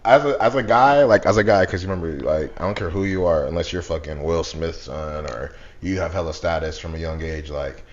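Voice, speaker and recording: A young man with a somewhat low voice tells stories on a casual podcast. He acts out other people's lines as he goes. The recording sounds dull and muffled. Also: brisk, hardly any pauses. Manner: animated storytelling, acts out quotes. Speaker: podcast co-host. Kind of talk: casual chat.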